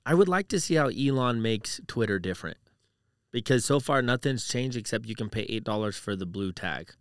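A man's voice: on the low side, lively intonation, fairly quick, no echo, clean studio sound. A man co-hosting a podcast in casual, rambling chat, full of "like" and "dude". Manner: rambling, uses "like" and "dude" a lot. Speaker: podcast co-host.

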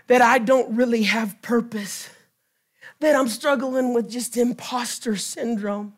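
A man preaching a sermon to a church, building from calm scripture reading to impassioned shouting. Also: extremely high pitch, slow pace.

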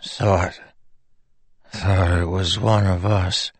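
A man voicing a wounded soldier who speaks faintly and haltingly. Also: lowish voice, vocal fry, no room sound, pitched above the performer's own voice, exaggerated voice. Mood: weak. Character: wounded male soldier, weak and groaning.

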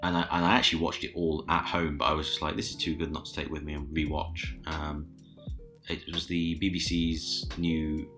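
A young man co-hosting a podcast, chatting casually and relaxed, with lots of hesitant ums. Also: a bass voice, moderate pace, over music. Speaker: podcast co-host. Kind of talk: casual chat.

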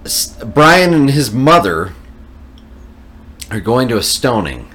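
A man's voice: medium pitch, very animated, takes it slowly, fairly bright tone, slightly rough. A man in casual podcast chat, animatedly retelling a film scene and laughing at his own story.

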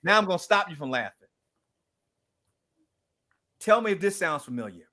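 A man speaking as a guest, telling a story in a lively, preacher-like way and acting out the quoted dialogue. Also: high-pitched, moderate pace. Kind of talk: animated storytelling talk.

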